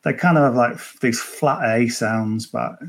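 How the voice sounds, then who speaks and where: This is a man talking through his golf betting picks in a loose, chatty way. His voice sits at an ordinary middle pitch, and he rambles and circles back on himself as he goes. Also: a little slow. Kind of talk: casual podcast chat.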